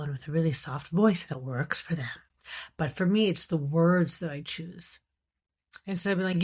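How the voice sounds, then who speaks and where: A woman with a thick, raspy voice, hosting a podcast and giving animated, casual commentary on a reality TV show. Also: fairly low pitch. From Iran. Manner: animated, enunciating, quick asides and acted-out quotes. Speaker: podcast host.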